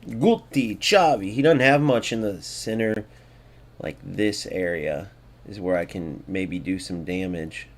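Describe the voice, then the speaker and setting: A man's voice: sits low, unhurried. A man hosting a gaming video, giving casual gameplay commentary in a blunt, sarcastic way and talking straight to his viewers.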